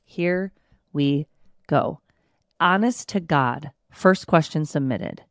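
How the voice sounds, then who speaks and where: A woman co-hosts a podcast in loose, chatty talk, laughing easily between questions. Her voice sits low for a woman, and the sound is dry and close with no room around it. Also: lively intonation, slow, dry recording. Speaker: podcast co-host. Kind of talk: casual chat.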